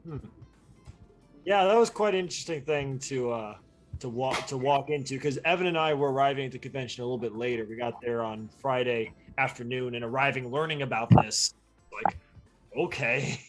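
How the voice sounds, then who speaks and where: A man's voice: mid-range voice, brisk, faint music behind. A young man co-hosting a podcast, chiming in with short dry, amused comments in casual chat. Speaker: podcast co-host.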